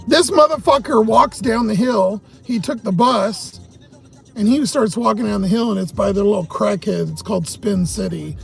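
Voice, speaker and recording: With faint music behind him, a man speaks at a moderate pace in a high voice with vocal fry. He's a livestream host telling a long, agitated, heavily profane story in a casual storytelling rant.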